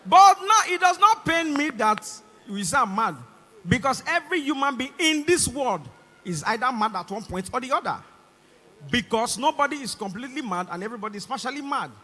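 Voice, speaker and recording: A young man with a Nigerian English accent performing a stand-up comedy routine on a concert stage, animated and acting out voices. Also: very high voice, a little fast. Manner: animated, acts out voices and shouts. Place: large concert hall stage. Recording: live concert hall reverb.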